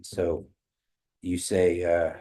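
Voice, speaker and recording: Man, low voice, classroom language teacher, patient, repeats phrases slowly, small meeting room. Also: flat delivery, mellow, poor audio. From Oklahoma.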